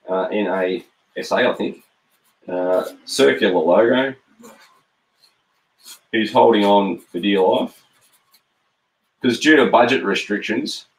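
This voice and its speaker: A middle-aged man with an Australian accent, a cartoonist chatting playfully while drawing live, with frequent ums. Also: lowish voice. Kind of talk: live-stream drawing chat.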